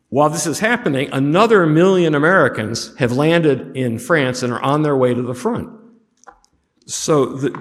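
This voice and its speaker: A man giving a history lecture in a room with a long, ringing reverb. His voice sits at an ordinary middle pitch. He talks casually and drops joking asides between points. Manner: conversational with humorous asides. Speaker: history teacher. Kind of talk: classroom lecture with slides.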